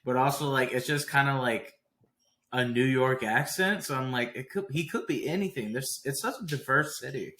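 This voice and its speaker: A young man co-hosting a podcast from home, relaxed and teasing, laughing easily. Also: mid-range voice, normal speed. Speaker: podcast co-host. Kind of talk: casual podcast chat. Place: home room.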